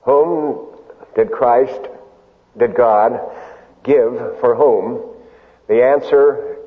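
A man delivers a sermon in a measured, emphatic way, pausing often with fillers as he drives his points home. His voice sits at an ordinary pitch. The recording is narrow and phone-like, with a long reverb from a large hall. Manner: deliberate, emphatic, with frequent filler pauses. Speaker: preacher.

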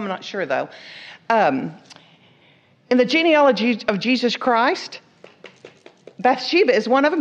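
In a dull lo-fi recording, a woman with a fairly high voice preaches a sermon. She tells the story with lively asides, acts out the characters' lines, and puts questions to her listeners.

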